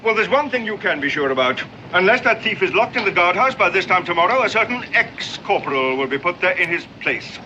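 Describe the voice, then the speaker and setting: An actor playing a haughty, sarcastic British commodore who speaks in a clipped, dry way, in a 1960s television drama. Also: male voice, high-pitched, very animated, fairly quick, few pauses, pushed and bright, exaggerated voice. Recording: dull old TV soundtrack with background noise.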